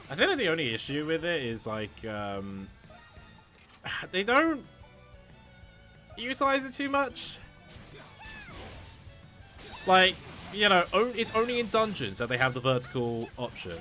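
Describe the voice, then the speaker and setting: A man's voice: medium pitch, big pitch swings, unhurried, pauses often, bright, forceful tone, faint music behind. A man streaming a video game, chatting casually with many fillers, restarts and laughs.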